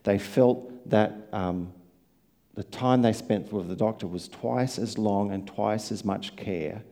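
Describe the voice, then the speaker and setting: A man preaching a sermon, telling stories and swinging from quiet asides to loud emphatic lines. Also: fairly low pitch, takes it slowly. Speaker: pastor.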